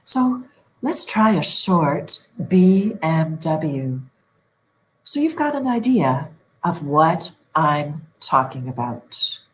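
Sleep coach, woman, middle-aged; low voice, slow soothing guidance straight to the viewer. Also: big pitch swings, low-quality recording. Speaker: sleep and stress management coach. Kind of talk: guided relaxation lesson.

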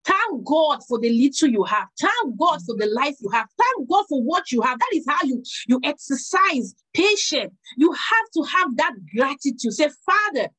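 A middle-aged woman preaching a sermon, telling a personal story with lively quoted dialogue. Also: sits high, normal speed, hardly any pauses, poor audio.

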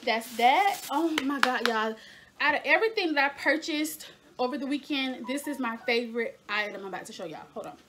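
A woman's voice: high-pitched, expressive, brisk, background noise. A young woman chatting casually in a home haul video, talking to her viewers as y'all. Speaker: lifestyle vlogger.

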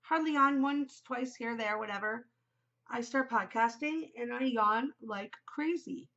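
A woman's voice: fairly high pitch, unhurried, fairly bright tone, muffled recording. A woman in her forties hosting a knitting podcast in an upbeat, chatty way, her nose a bit stuffed from a cold. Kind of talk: casual chat.

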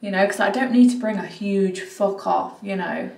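A woman's voice: mid-range voice, normal speed, vocal fry, a little mellow, recorded from a distance. A young British woman vlogging in casual chat with a friend, playful and casually swearing. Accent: British English. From United Kingdom. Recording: echoey room, away from the mic.

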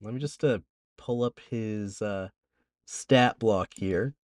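A man's voice: fairly low pitch, takes it slowly, dry recording, studio quality. A man running a tabletop game as game master, narrating loosely with lots of fillers and frequent laughter.

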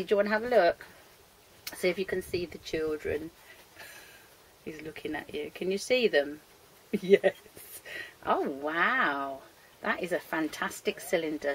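A woman's voice: on the low side, fairly bright tone, breathy edge. A woman teaching a young children's maths lesson, talking in a sing-song, coaxing way to the children and to a puppet. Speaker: early years maths teacher.

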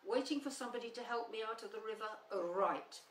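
A woman's voice: a little high, fairly quick, a bit bright, voice pushed up, natural voice. Woman as sarcastic old donkey, cold and dry, storybook character, echoey room. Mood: sardonic. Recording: roomy, slightly distant, faint hum.

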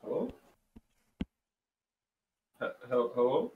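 A man's voice: medium pitch, big pitch swings, slow, slightly rough, phone-quality sound. A man chatting casually over a game, teasing friends and laughing easily. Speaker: game player. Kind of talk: casual gaming chat.

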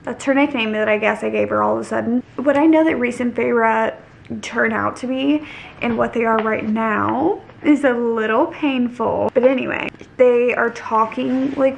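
A woman's voice: fairly high pitch, creaky, slight background noise. A woman vlogging a casual book reread, reading passages aloud and reacting to them in a chatty, gushing way full of "like". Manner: chatty and gushing, heavy use of "like".

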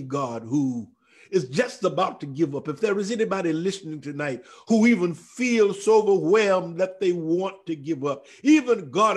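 A man preaching a Bible study sermon as pastor, fervent, swinging from near shouts down to a hush. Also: sits high, husky. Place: church or ministry room.

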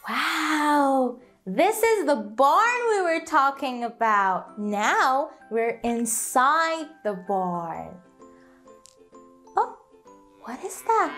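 Woman teacher for a toddler lesson. High, bouncy voice, extremely slow and drawn out, with faint music behind. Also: fairly bright tone. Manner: exaggerated, cheerful questioning, drawn-out words. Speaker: children's teacher. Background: faint background music.

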